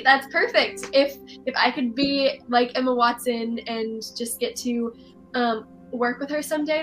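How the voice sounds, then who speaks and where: A young woman with a high, bright-sounding voice talks eagerly about her acting dreams. She is bubbly and earnest, laughing easily between thoughts, and comes through a remote video call. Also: rough recording. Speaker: actress and voiceover artist, interview guest. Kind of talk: casual interview answers.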